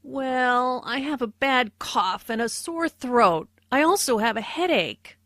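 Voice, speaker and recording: Woman doing anna in a textbook dialogue, slow and careful, bouncy pitch, dry sound. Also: sing-song, a bit bright, no echo, full character voice. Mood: tired. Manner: slow, clearly enunciated textbook delivery. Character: adult woman customer and patient named Anna. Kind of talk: scripted language-learning dialogue.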